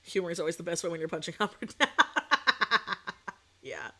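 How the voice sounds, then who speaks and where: A woman's voice: fairly low pitch, brisk. A young adult woman streaming as a VTuber, chatting casually and rambling, swearing freely and laughing often. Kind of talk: casual chat.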